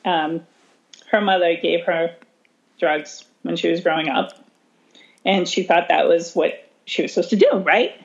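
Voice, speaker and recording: A woman special education teacher telling a story in conversation, animated, laughing often and voicing the people she quotes. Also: fairly low pitch, unhurried, pauses often. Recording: slightly dull lo-fi sound.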